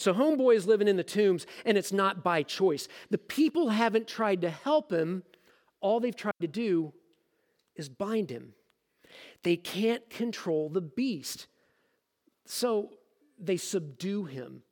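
A high-voiced pastor preaches a lively sermon and mixes casual jokes into his explanation of scripture. His voice carries a long reverb, like in a large hall.

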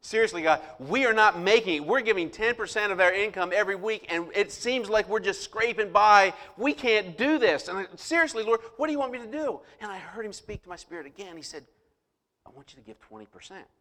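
A middle-aged man preaching a sermon, telling a personal story with animated, rising emphasis. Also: high voice, fairly quick, hardly any pauses. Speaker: pastor.

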